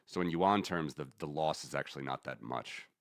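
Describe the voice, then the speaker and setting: A man's voice: a bass voice, moderate pace, a bit bright, no room sound, clean studio sound. A man hosting a casual commentary stream, rambling and correcting himself as he talks through charts. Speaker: host.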